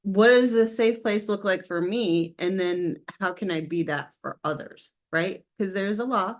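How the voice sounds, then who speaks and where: A woman's voice: mid-range voice, a little slow. A woman co-hosting a casual couples podcast, talking expressively and playfully, laughing and checking in with her partner. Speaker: co-host, couples coach.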